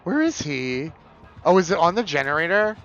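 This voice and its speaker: A man streaming live, chatting casually and campily with his viewers while he plays, his pitch jumping up for excited bursts. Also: moderate pace, soft background music. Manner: chatty and campy, reading chat aloud, swinging pitch. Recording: dull lo-fi stream audio.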